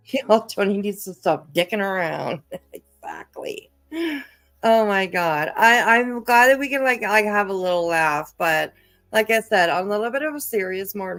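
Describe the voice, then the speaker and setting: A woman's voice: mid-range voice, a bit bright, no room sound. A woman giving casual live commentary, swearing freely, mocking, and often laughing. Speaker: commentary streamer.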